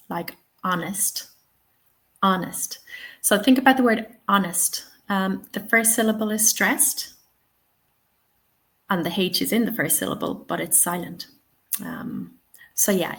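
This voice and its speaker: A woman's voice: medium pitch, fairly bright tone, low-quality recording. Woman, Irish accent, young adult, webinar trainer, chatty, upbeat. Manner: chatty, upbeat, answers chat questions. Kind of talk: live webinar Q&A.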